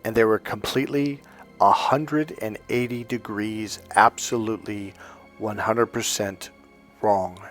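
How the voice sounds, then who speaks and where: A man's voice: on the low side, steady tone, a little slow, a bit bright, faint music behind. A middle-aged man, a life coach, delivering an emphatic, preachy motivational monologue full of storytelling.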